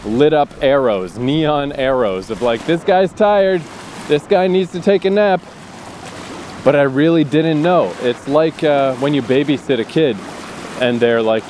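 A man's voice: mid-range voice, darkish tone, slight background noise. A man hosting a solo podcast, rambling in a loose, self-deprecating way and swearing freely. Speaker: podcast host. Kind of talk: casual solo monologue.

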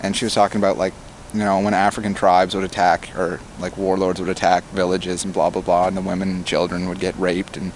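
A man's voice: deep voice, brisk, a little hiss or hum, rough recording. A young man in casual chat outdoors, telling stories bluntly with lots of swearing. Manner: blunt and profane, animated storytelling. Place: outdoors at a picnic table outside a bar.

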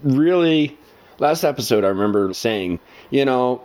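Guy on a recap podcast, pitch all over the place, blunt and sweary, mocks everything. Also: expressive, a little slow, a little mellow. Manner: blunt, profane, mocking interjections. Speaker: podcast co-host. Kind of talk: casual TV recap chat.

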